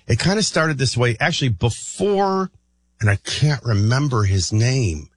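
A male host delivers morning talk radio commentary in a husky, expressive, medium-pitched voice that swings up and down a lot, at a measured pace. He rambles, thinks out loud, and often restarts sentences. The studio sound is dry and close, with no room sound.

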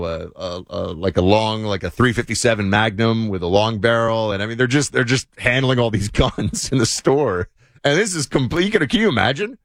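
A man's voice: lowish voice, a bit bright, dry recording, clean studio sound. A man hosting a talk show, chatting casually with many fillers. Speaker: show host. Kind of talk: casual political commentary.

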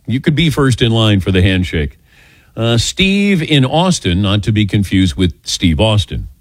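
An older man hosts a call-in radio show from a studio mic, his voice lively and swinging up and down in pitch as he acts out quoted lines. The sound is close and dry, with no room around it. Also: measured pace, no echo. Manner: animated storyteller, acting out quotes.

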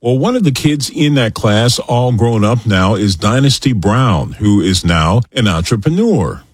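Lively low-voiced male radio anchor. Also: husky, no echo. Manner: measured, lively newsreader delivery. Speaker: news anchor. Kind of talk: radio news reading.

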